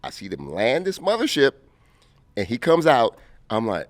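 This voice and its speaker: A man in his fifties from Compton, telling stories as an interview guest, animated and quick to laugh. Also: mid-range voice, dry recording. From Compton, California. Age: 50s. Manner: animated, laughing storyteller who acts out scenes. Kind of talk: casual interview storytelling.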